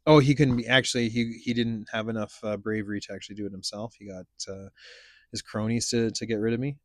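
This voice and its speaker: A man's voice: lowish voice, steady tone, quick pace, no echo, studio quality. A man hosting a casual podcast chat, telling stories in a blunt, profane, rambling way. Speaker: podcast host.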